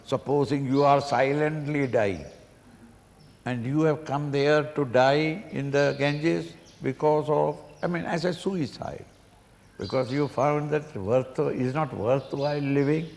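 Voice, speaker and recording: An older man giving a slow spiritual discourse, acting out pleading cries and chuckling as he explains a hymn. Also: mid-range voice, darkish tone. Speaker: swami teaching a Sanskrit hymn. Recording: reverberant hall, faint noise.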